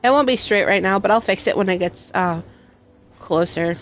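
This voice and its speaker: A gaming streamer in young adulthood talks at a moderate pace in a medium-pitched voice. Chatting casually during play, she sounds emotional and heartfelt, wandering from thought to thought with many fillers, as faint music plays.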